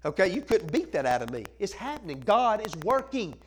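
A man's voice: high voice, big pitch swings, a little fast, rough recording. A man pastor preaching a sermon in a church, impassioned and driving his points home with emphatic repetition.

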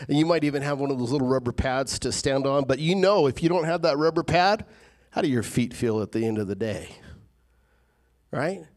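A man preaching a sermon as the pastor, animated and rising to emphatic peaks. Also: mid-range voice, fairly quick.

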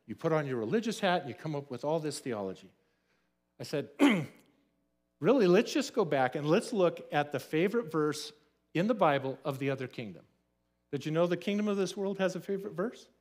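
Lively, storytelling male pastor. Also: a little high. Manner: conversational storytelling, acts out quoted voices. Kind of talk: sermon.

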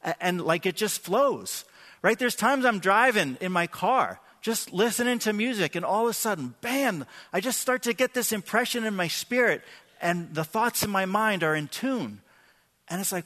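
Bright, earnest male pastor in a hall. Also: sits high, animated, normal speed. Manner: conversational, earnest, many repeated words and "right?". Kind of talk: sermon.

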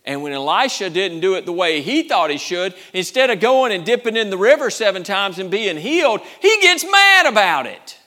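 A man preaching a sermon, repeating himself and swinging between loud bursts and quiet asides. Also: high voice, lively intonation, fairly quick, hardly any pauses.

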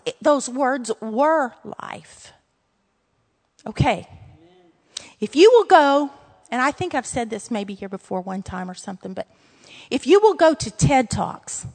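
A high-voiced woman from Louisiana teaches a Bible lesson earnestly and emphatically, with asides along the way. The sound carries a long hall reverb.

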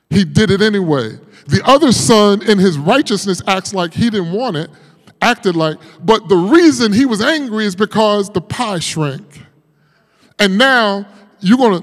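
High-voiced pastor preaching in an echoing hall. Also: male voice. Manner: emotional storytelling, swings from hushed to loud. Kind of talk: sermon.

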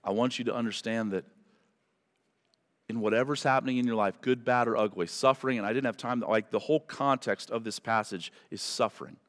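A man's voice: medium pitch, brisk, fairly bright tone. A man preaching as pastor, closing a sermon and praying, earnest and pleading, stumbling and correcting himself now and then. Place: church sanctuary. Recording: reverberant church hall.

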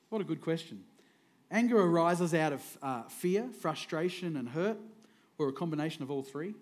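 A middle-aged pastor giving a light, conversational sermon. His voice sits a bit higher than most men's, and he keeps the mood jokey, chuckling between points. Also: darkish tone. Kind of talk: humorous sermon.

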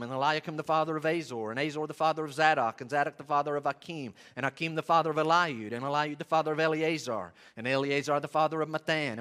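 Male preacher, slightly high, forceful tone, emphatic sermon delivery. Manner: emphatic, varies loudness and slows for stress. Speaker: pastor.

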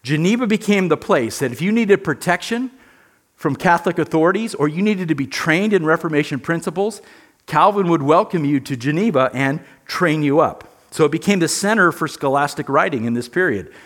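A man's voice: on the high side, lively intonation, a little fast, a bit bright. Earnest man lecturing on church history. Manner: earnest, emphatic, repeats words. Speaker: teacher.

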